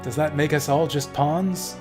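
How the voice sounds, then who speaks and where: A man's voice: on the high side, steady tone, measured pace. Man reading game text over music. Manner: dramatic reading, drifting into casual, profane asides. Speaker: streamer. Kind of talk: reading game dialogue aloud and commenting. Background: faint game music.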